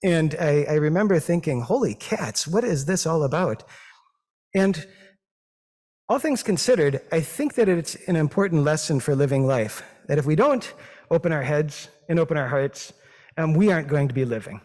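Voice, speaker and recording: A man with a Midwestern accent, a physician giving a thoughtful, modest talk with slides, pausing often with fillers. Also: fairly high pitch, expressive, darkish tone. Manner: thoughtful, hesitant, with many fillers; modest and self-deprecating. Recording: long reverb of a hall.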